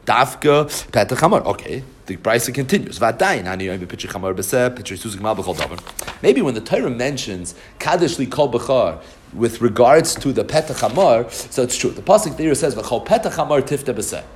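A man giving a Talmud study lecture, explaining texts in an animated, sing-song way and repeating phrases for emphasis. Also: medium pitch, brisk, slight background noise. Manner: animated, rising sing-song when quoting and explaining text. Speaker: Talmud teacher.

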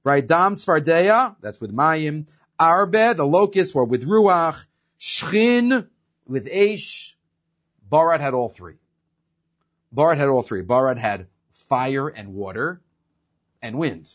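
Animated man telling a story in class. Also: on the high side, slow, long pauses. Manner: animated storyteller who acts out the quotes; mixes Hebrew phrases into English and restates them. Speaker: Torah class teacher. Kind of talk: evening Torah class with storytelling. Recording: dull lo-fi recording.

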